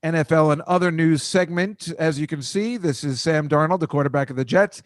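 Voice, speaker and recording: A man's voice: on the high side, fairly quick, dry recording. A middle-aged man hosting a comedy football picks show, dry and teasing in casual banter. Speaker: host.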